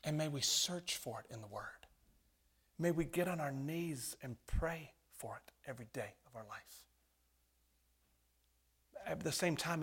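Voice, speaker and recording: A pastor preaching a sermon, calling the congregation "folks" and swinging from hushed whispers to loud, emphatic appeals. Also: male voice, mid-range voice.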